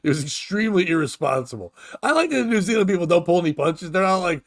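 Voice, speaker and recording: A man hosting a comedy podcast, reading news stories aloud and ranting about them in a profane, animated way, laughing at his own jokes. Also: high-pitched, fast talker.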